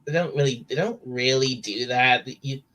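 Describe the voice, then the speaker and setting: Halting man in casual chat. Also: mid-range voice, pushed and bright, rough recording. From Britain. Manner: halting, repeats words and restarts often.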